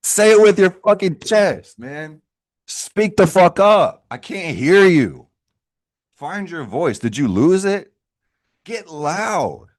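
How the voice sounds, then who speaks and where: A man voicing a personified planet as a pushy male drill coach in an astrology vlog, barking loud, bossy commands. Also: sits high, very animated, slow pace, dry recording, pitched above the performer's own voice, exaggerated voice. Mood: yelling orders.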